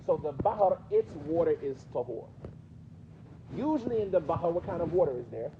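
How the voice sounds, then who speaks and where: Man, New York accent, teacher, slightly high voice, conversational, quizzing students, muffled lo-fi recording. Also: sing-song, normal speed, background noise. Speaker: teacher explaining hadith. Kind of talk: classroom lesson with questions. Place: mosque classroom.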